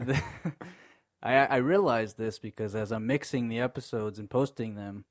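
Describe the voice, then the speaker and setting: A man's voice: medium pitch, normal speed, no room sound, studio quality. A young man hosting a casual podcast chat, loose and rambling, laughing often and cursing casually. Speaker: podcast host. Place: small room with co-hosts in person.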